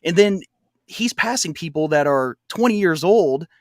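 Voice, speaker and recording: A man's voice: on the high side, expressive, a little slow, no room sound. Chatty man telling a trail story. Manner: rambling, laughs often, many fillers. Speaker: podcast co-host. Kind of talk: casual storytelling chat.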